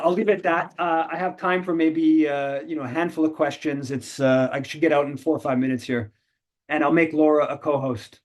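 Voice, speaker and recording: A man hosting a call-in show, telling stories in a rambling way with many restarts. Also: high-pitched. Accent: Canadian English. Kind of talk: casual storytelling and commentary.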